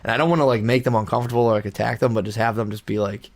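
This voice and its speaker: A man's voice: mid-range voice, steady tone, very fast. A young man co-hosting a podcast in casual chat, rambling with lots of fillers and restarts. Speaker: podcast co-host.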